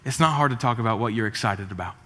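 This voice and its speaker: A middle-aged man, preaching a sermon with jokes and energetic, rising emphasis. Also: lowish voice, quick pace. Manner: energetic, joking, rising to shouts. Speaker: pastor. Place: church auditorium. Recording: reverberant church hall.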